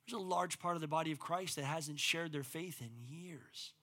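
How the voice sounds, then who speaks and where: Man preaching, loud then hushed. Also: fairly high pitch, moderate pace. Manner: swings from loud preaching to quiet storytelling. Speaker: pastor. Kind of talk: sermon.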